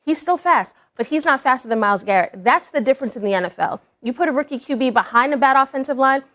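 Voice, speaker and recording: A woman arguing a point as a sports analyst on a debate show, firm and measured. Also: high voice, expressive, fairly bright tone.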